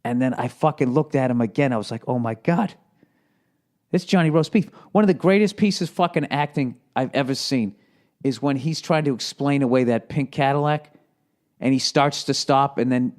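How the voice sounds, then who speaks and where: A man's voice: medium pitch, normal speed. A man in his forties with a Boston accent, hosting a casual solo podcast and rambling with lots of swearing. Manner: profane, rambling, slips into shouted movie-gangster impressions. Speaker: podcast host.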